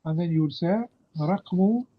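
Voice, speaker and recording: Over a video call with muffled audio, a man teaches an Arabic grammar lesson and patiently quizzes his student. His voice is high-pitched and his pace moderate.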